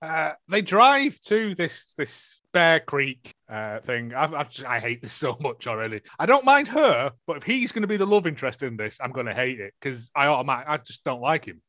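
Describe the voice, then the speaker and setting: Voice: medium pitch, sing-song, moderate pace, hardly any pauses, bright, forceful tone, no echo, lo-fi sound. A podcast co-host with a British accent, recapping a film in casual chat, sweary and jokey, acting out the characters' lines. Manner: sweary, jokey, acts out quotes.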